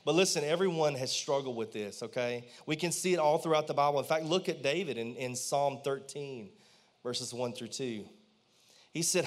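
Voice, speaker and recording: A man's voice: medium pitch, moderate pace. Pastor in his thirties, conversational preacher who keeps asking the congregation to respond. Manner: conversational and animated, asks the congregation questions. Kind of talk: sermon. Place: church.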